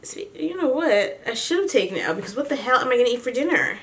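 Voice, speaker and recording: A woman's voice: on the high side, lively intonation, fast. A young pregnant woman gives a casual update to her viewers. She is slangy and chatty and laughs often. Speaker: vlogger.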